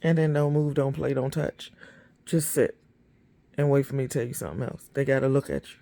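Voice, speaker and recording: A woman talks straight into her phone camera, handing out dog-training advice. Her voice is gravelly with a dark, mellow tone, and she keeps it blunt and emphatic, like she's chatting with friends. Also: extremely low pitch, a little fast. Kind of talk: casual talk to camera.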